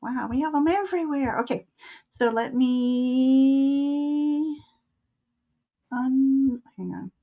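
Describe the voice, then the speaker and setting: Slow, chatty older woman hosting a stream. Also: high-pitched, highs cut off. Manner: chatty, laughs often, slow and unhurried. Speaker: tarot reader hosting a live stream. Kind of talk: casual live-stream chat.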